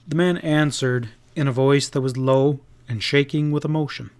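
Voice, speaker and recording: A man narrating a classic western audiobook in a measured, steady reading. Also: mid-range voice, clean tone.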